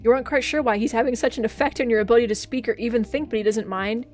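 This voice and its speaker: A woman streamer reading a story game aloud, excitable and gushing, with casual swearing. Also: on the high side, very fast, faint music behind.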